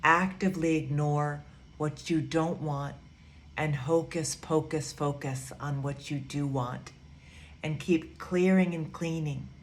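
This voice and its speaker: A woman giving a gentle, soothing teaching talk, repeating phrases softly as she guides her students. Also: low-pitched, fairly even intonation, slight background noise. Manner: soft, slow, repetitive, soothing. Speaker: spiritual teacher.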